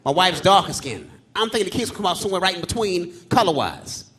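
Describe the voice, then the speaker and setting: A man in his thirties doing live stand-up comedy on a theater stage, telling loud, profane stories about his kids and acting them out in squeaky shouts. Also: very animated, fast. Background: live audience laughter.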